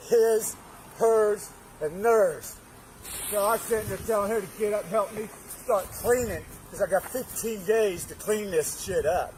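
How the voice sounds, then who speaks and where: A man with a high voice tells police what happened, agitated and swearing as he trips over his words. He is recorded outdoors on a street by an officer's bodycam. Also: normal speed, darkish tone, a little hiss or hum, poor audio. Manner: agitated, profane, stumbling restarts. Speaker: witness. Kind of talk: excited retelling to police.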